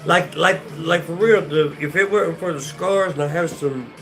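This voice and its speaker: A man's voice: a little high, moderate pace, a bit bright, faint music behind. A man with a North Carolina accent telling his life story on a casual livestream, rambling and profane, with many restarts and fillers. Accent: North Carolina Southern.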